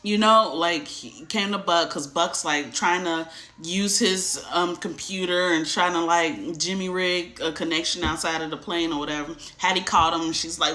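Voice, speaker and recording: A woman casually retelling a book chapter, acting out the characters' lines in animated voices. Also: on the low side, normal speed, reverberant. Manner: chatty, acts out quotes in animated voices. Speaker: book discussion host.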